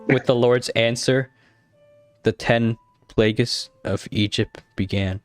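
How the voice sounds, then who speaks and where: A man's voice: medium pitch, takes it slowly, dry recording. A man reads a story aloud to friends in a casual, easygoing way, laughing often and stopping to fix his slips. His voice sits in an ordinary middle range, with faint music playing behind. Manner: casual, laughs often, stumbles and corrects himself. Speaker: streamer.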